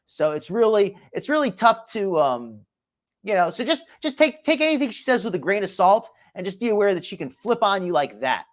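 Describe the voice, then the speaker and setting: A man's voice: high-pitched, very animated, brisk. A man hosting a commentary show, talking casually and rambling, often repeating his words.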